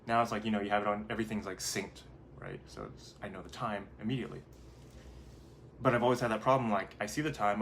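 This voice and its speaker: A life coach hosting his own channel gives a casual motivational talk to camera, chatting conversationally, rambling a little and acting out his inner thoughts in quotes. His fairly low voice is fairly bright, fairly quick and lively in intonation, with slight background noise.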